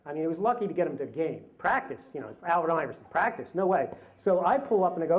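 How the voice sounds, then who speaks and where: A man in his fifties telling a comic personal story live on stage, with self-mocking humor and halting restarts. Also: on the high side, very animated. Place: stage before a live audience.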